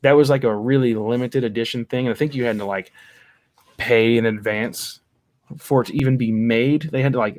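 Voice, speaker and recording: A man's voice: mid-range voice, fairly even intonation, fairly quick, darkish tone, no room sound. A man in his thirties hosting a livestream, chatting casually about toys as he reads out viewer comments, rambling with many fillers and restarts. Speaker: livestream host.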